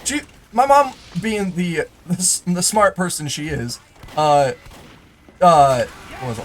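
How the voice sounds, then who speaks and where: Over live gameplay, a young gaming YouTuber tells a rambling personal story packed with fillers, restarts, and sudden comments about the game. His voice sits high with lively intonation, his pace is measured, and there's slight background noise.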